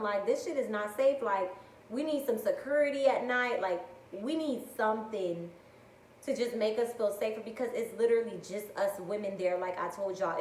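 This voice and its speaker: A young adult woman telling a story on her video channel, profane and lively, acting out what people said. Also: medium pitch, slight background noise. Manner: profane, animated storytelling with quoted voices. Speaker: vlogger. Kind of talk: casual storytime vlog. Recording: echoey room with faint ambience.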